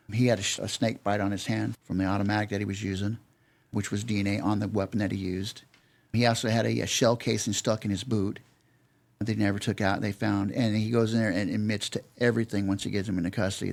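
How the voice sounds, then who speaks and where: A man's voice: on the low side, vocal fry, a little mellow. An older man telling a story as a podcast guest, plain-spoken and acting out both sides of past conversations. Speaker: podcast guest, security veteran. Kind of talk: casual storytelling.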